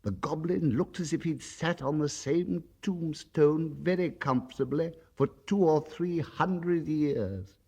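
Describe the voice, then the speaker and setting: A man narrating a dark holiday story in a measured, dramatic way. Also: a little high, breathy edge. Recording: reverb with music behind.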